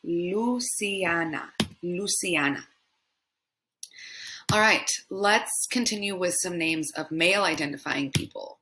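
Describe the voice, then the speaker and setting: A young woman teaching pronunciation in a language lesson, repeating each word slowly several times. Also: fairly low pitch, pushed and bright. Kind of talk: slow, repetitive language lesson.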